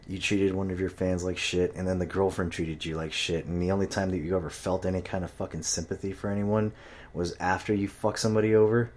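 Young guy ranting and cussing, deep mellow voice, tells a story and does the voices. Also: little pitch movement, a little fast. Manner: profane, heated, acts out quoted voices. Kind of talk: casual ranting monologue.

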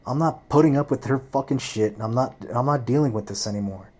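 A man's voice: mid-range voice, fast talker. A man telling a personal story in a casual, profane rant, acting out what people said. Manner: profane, animated, acts out quoted voices.

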